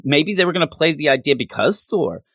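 A man's voice: a little high, lively intonation, fairly quick, fairly bright tone, dry recording. A man co-hosting a casual chat, talking with enthusiastic rambling and acting out lines from the story. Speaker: comic book podcast co-host.

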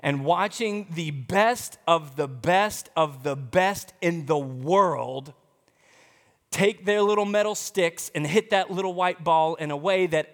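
Guy pastor preaching, kinda high voice, big hall echo, lively storytelling. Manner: storytelling, animated, emphatic. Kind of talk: sermon.

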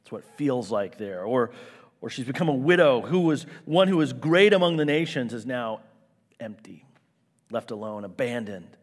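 Earnest preacher in a reverberant hall. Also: male voice, animated, normal speed. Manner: earnest, emphatic, swings between loud outcries and hushed low lines. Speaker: pastor. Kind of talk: sermon.

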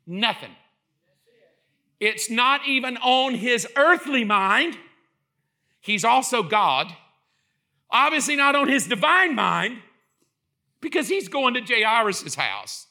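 A man preaching a sermon in an animated way, acting out the voices in his story and building to impassioned shouts. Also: extremely high pitch, takes it slowly, pauses often.

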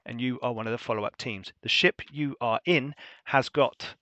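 A man's voice: mid-range voice, moderate pace, sharp tone, no room sound, highs cut off. A man, narrating a tabletop game as game master in a casual, rambling way with many ums.

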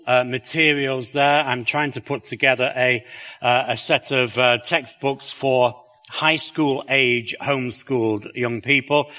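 A man's voice: medium pitch, sharp tone, big-room sound. A middle-aged man with a British accent and a slight lisp, giving a chatty talk to an audience with wry asides and many fillers. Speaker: creationist speaker.

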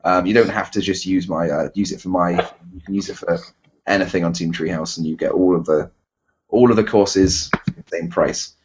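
A man's voice: low voice, fairly even intonation, fairly quick, darkish tone, muffled recording, a little hiss or hum. A man with a Bristol English accent, hosting a casual podcast chat, rambling and self-deprecating with lots of fillers and restarts. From England. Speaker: podcast host.

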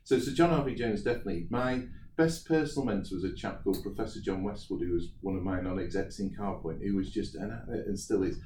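A British man with a low, mellow voice recounts business stories in a relaxed, chatty way, laughing now and then. He sounds a little distant from the mic, in an echoey room with faint background noise. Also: fast talker. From United Kingdom. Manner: chatty, anecdotal, laughs often. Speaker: entrepreneur guest. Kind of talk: podcast interview, storytelling.

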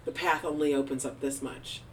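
A middle-aged woman running her own music studio, telling stories with lively acted-out quotes and frequent laughter. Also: a bass voice, a little fast, far from the mic, slight background noise, low-quality recording. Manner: animated storyteller, acts out quotes, laughs often. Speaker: music studio owner, guest. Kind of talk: casual interview conversation.

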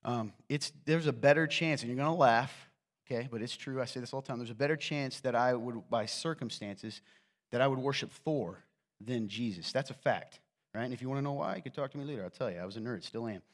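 A man's voice: mid-range voice, quick pace. A middle-aged man from Eastern Kentucky with a slight Southern Appalachian accent, preaching a sermon in a conversational storytelling way with self-deprecating humor. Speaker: pastor.

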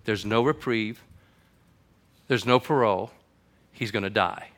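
A man preaching a conversational sermon to his congregation, building from quiet reflection to loud, emphatic passages. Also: on the low side, a little slow. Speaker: pastor.

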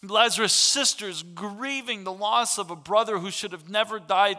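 A man's voice: high-pitched, normal speed, hardly any pauses, bright, forceful tone. A middle-aged man preaching a sermon as pastor, earnest and building to impassioned emphasis. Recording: long hall reverb.

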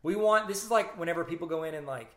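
A fairly high-voiced man co-hosting a sports podcast in a loose, joking way. He rambles and riffs, and the room around him has a noticeable echo. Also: fast talker, a bit bright. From New Jersey. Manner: joking, rambling, bursts of silly put-on voices. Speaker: podcast co-host. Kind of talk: casual sports podcast chat.

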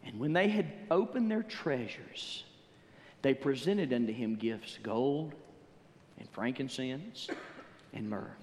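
Exuberant, animated preacher man. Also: mid-range voice, slow. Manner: animated storytelling preacher, bursts into exuberant shouts. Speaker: pastor. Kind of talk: sermon. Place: church sanctuary. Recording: long church hall reverb.

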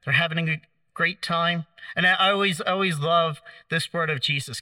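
A man preaching a sermon, telling the story in a conversational way, acting out the quoted lines with gentle humor. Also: on the high side, normal speed, dry recording, far from the mic.

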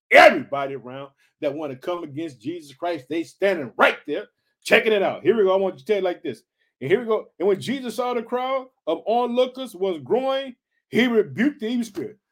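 A man preaching an energetic sermon, hyping up his listeners, calling them family and repeating his catchphrases. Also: sits high.

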